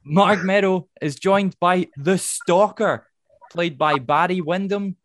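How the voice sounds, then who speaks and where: A man hosting a casual podcast, recapping with wry asides and quick laughs. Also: high voice, no echo, studio quality. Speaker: podcast host.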